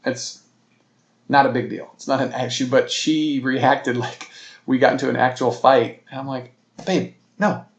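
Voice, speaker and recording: A man hosting his own podcast, telling a story in a rambling, animated way with many restarts and self-corrections. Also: medium pitch, normal speed, echoey room. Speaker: podcast host. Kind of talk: solo casual storytelling.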